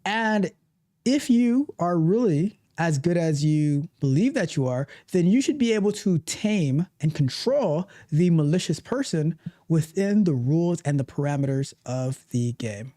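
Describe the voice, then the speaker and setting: Woman, motivational coach, emphatic and repetitive, lively swooping pitch, low mellow voice. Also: measured pace. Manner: emphatic, repetitive, acts out quoted reactions. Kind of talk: motivational talk.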